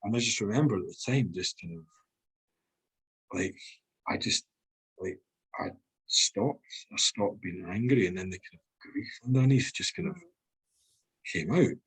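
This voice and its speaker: Scottish guy on a podcast, low husky voice, frank and swears a lot. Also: a little slow, long pauses, fairly bright tone, low-quality recording. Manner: frank and reflective, swears freely. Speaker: guest. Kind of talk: candid podcast conversation.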